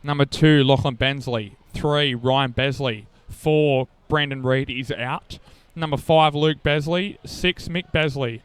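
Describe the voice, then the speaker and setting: A man's voice: medium pitch, clear, resonant tone, dry recording. A man with an Australian accent, co-commentating a local football final and reading out team lists. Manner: enthusiastic, reads team lists briskly. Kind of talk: live sports commentary.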